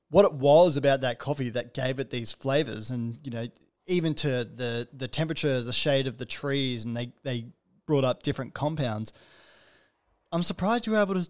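A podcast host with a medium-pitched voice and moderate pace conducts a casual interview. His talk is loose and rambling, full of restarts and playful asides.

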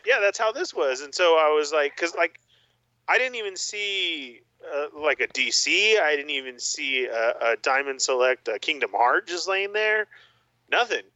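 Male co-host, forceful bright tone, dull lo-fi recording. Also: a little high, moderate pace, no echo. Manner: animated, laughing storyteller. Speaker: podcast co-host. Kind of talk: casual chat about toy collecting. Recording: dull lo-fi sound.

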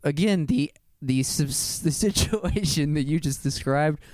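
Higher-voiced laughing man, dry sound. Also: measured pace, no room sound. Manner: laughs often, swears, rambles excitedly. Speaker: podcast co-host. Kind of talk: casual chat.

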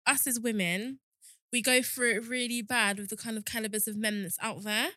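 A young woman co-hosting a chat podcast, candid and quick to laugh. Her voice is bright and a little high. It sits dry and close to the mic. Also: fairly even intonation, no echo. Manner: laughing, self-aware, candid. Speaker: podcast co-host. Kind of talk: casual chat.

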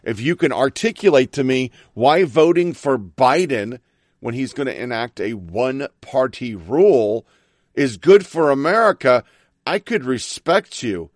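Speaking unhurriedly in a medium-pitched, animated voice, a middle-aged talk show host rants with blunt fury and frequent cursing. It's an opinionated talk radio monologue, captured in a clean studio with no echo.

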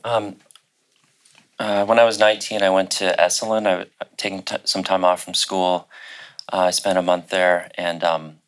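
A man's voice: sits low, flat delivery, moderate pace. A middle-aged man telling a personal story as a guest on a panel, hesitant, with many fillers and restarts.

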